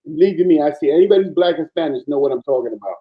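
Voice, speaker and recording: A man from Panama, a guest in casual chat, telling stories in an animated, emphatic way over muffled lo-fi audio. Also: fairly high pitch, rapid-fire.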